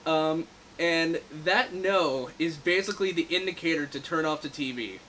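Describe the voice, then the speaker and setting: A man co-hosting a casual movie review podcast, animated and laughing often as he talks. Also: fairly high pitch, moderate pace, a little hiss or hum, poor audio. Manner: animated, laughs often, acts out quoted lines. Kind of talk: casual chat.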